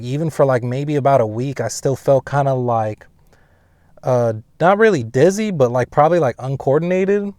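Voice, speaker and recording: Profane young SoCal guy telling a story. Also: dry recording. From Pasadena, California. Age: young adult. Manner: heavy swearing, slangy, rambling with restarts; gets loud and high-pitched when reenacting scenes. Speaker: host telling a personal story. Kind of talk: casual storytelling.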